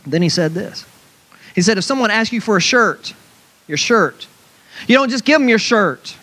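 A man's voice: sits high, moderate pace. A man preaching a sermon, often asking "right?" of his listeners and briefly acting out other people's voices. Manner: animated, acts out mocking voices of people; repeats "right?" to the congregation.

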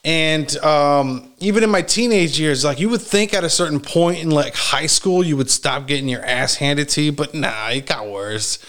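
A man telling a long story from his childhood in a casual, rambling way, swearing often and filling pauses with "like" and "you know". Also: fairly high pitch, fairly bright tone. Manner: rambling, heavy swearing, frequent fillers and laughs.

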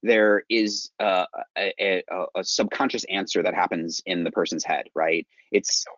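A man's voice: deep voice, steady tone, normal speed, fairly bright tone, no room sound, muffled recording. A man in casual podcast chat, explaining his ideas at length and often checking in with "right?". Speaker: sales podcast co-host.

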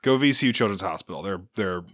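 A man's voice: deep voice, expressive, fast, fairly bright tone, dry recording, studio quality. A man co-hosting a podcast, chatting casually in loose, jokey, profane banter. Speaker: podcast co-host. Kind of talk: casual chat.

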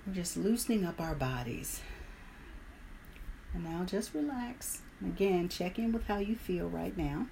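A woman leading a guided meditation and stretching session, calm and instructive with light humor. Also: lowish voice, measured pace, vocal fry, slight background noise. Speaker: meditation leader.

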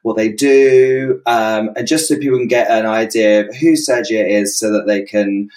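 A British man hosts a relaxed podcast interview, his voice sitting a little low. He talks in a bubbly, effusive way and often restarts a sentence before finishing it. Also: moderate pace. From United Kingdom. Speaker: podcast host. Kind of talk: casual interview chat.

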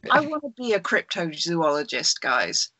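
Bright-voiced woman telling a creepy tale. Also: on the low side, sing-song, normal speed, dry recording. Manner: enthusiastic, rambling storyteller with many fillers. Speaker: podcast co-host. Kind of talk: casual chat over a video call. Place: at home. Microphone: video call.

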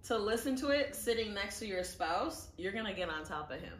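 Animated woman co-host, giggly and foul-mouthed, in a roomy space. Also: medium pitch, fairly quick. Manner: lively, giggly, profane banter. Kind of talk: casual chat. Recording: echoey room.

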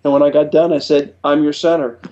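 A middle-aged man from Ohio answers interview questions as an earnest storyteller who often restarts his sentences. His voice sits a bit high for a man. The recording sounds dull and lo-fi. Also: little pitch movement, a little fast, warm tone. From Ohio, USA. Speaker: guest, retired Air Force chief master sergeant.

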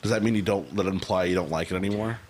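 A man in casual podcast chat, relaxed and easygoing, with a very deep voice. He takes pauses to think before he answers. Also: a little hiss or hum. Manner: easygoing, laughs often, hesitant. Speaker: podcast co-host.

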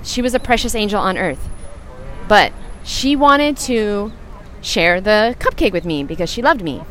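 A woman's voice: mid-range voice, lively intonation, unhurried, a bit bright, a little hiss or hum. A woman in her forties telling a personal story as a motivational podcast host, earnest and emphatic, speaking straight to her listeners.

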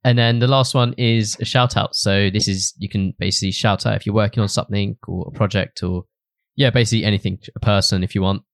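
A man's voice: lowish voice, steady tone, fast talker, dry recording. A young man co-hosting a podcast, easygoing as he runs the show's segments. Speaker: podcast co-host. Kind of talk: casual chat.

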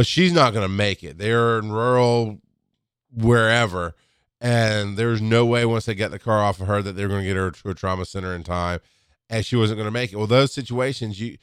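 A man's voice: fairly low pitch, clean tone, no room sound, clean studio sound. A man who works as a paramedic talks candidly in a rambling, casual monologue, full of restarts and asides.

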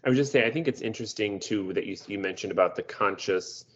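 A man's voice: on the low side, quick pace, fairly bright tone, slightly rough, lo-fi sound. A man thinking aloud in a casual discussion, often checking in with "right?". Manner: thoughtful, agreeable, lots of "right?".

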